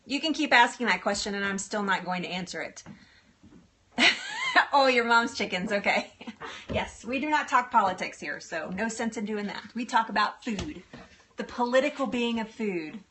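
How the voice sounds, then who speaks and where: A woman's voice: medium pitch, lively intonation, normal speed, fairly bright tone, a little hiss or hum. A middle-aged woman hosting a casual live stream, bubbly and giggly as she answers viewer comments. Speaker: livestream host.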